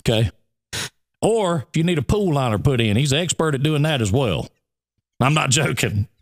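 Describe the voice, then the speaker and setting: Co-hosting a radio show, a man with a mid-range voice and a Southern drawl spins a long, funny story at a normal speed. The chat is casual and animated, and he keeps breaking into laughter.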